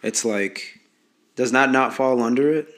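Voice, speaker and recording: A man's voice: medium pitch, unhurried, a bit bright. A man co-hosting a podcast in casual chat, asking questions and teasing dryly.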